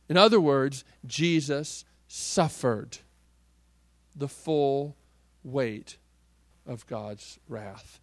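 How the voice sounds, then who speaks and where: A man preaching a sermon, swinging from loud, forceful declarations to hushed, near-whispered lines. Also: mid-range voice, drawn-out words, no echo. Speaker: pastor.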